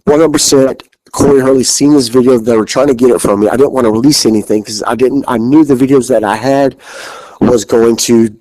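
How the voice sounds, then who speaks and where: A man's voice: mid-range voice, fairly even intonation, fairly quick, dark tone, no echo, poor audio. A man telling a haunting story as a podcast guest, rambling, repeating himself and swearing freely. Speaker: interview guest.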